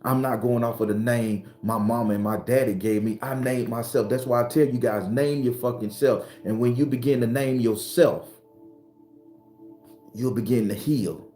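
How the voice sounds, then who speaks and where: A man's voice: mid-range voice, moderate pace, warm tone, reverberant, soft background music. A man with a Southern accent giving an earthy, emphatic spiritual talk to his followers, repeating his points. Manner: earthy, preachy, repetitive and emphatic. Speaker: spiritual teacher.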